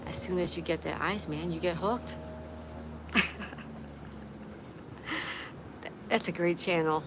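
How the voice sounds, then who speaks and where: This livestream host has a lowish voice and talks a little fast as she goes through her viewers' comments, reading each aloud and replying in a casual, chatty manner. There's clear background noise in the recording.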